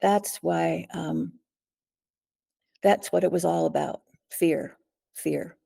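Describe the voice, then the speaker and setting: Older woman guest, gravelly and low-pitched, halting delivery with frequent throat clearing. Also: warm tone. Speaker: guest, survivor and author. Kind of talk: recounting a personal ordeal in an interview.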